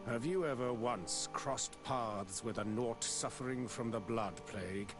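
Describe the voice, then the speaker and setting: A man's voice: medium pitch, unhurried, close to an everyday voice. A man voicing a proud, zealous male bishop in a video game, speaking in a stately, sanctimonious way. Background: game music.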